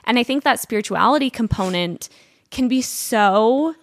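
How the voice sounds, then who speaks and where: A woman's voice: on the high side, animated, normal speed, no echo. Reflective woman host, dry close sound. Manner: reflective, affirming, asks gentle questions. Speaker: podcast host. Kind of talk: empathetic interviewing.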